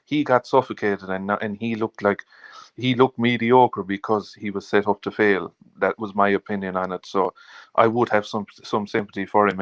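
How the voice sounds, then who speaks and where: A man calling in to a fan show, explaining his view in a measured way. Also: lowish voice, no echo, lo-fi sound. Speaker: caller. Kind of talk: fan phone-in opinion.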